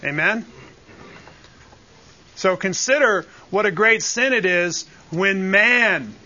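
A man preaching a sermon in a high, bright voice, earnest and emphatic. He turns to the congregation with asides and questions. The recording sounds dull and lo-fi. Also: slow. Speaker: pastor.

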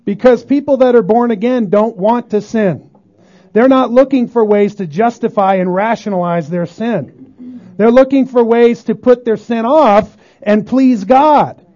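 A pastor preaching a sermon emphatically, often asking the congregation whether they agree. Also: male voice, extremely high pitch, a little slow, warm tone. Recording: dull lo-fi sermon recording.

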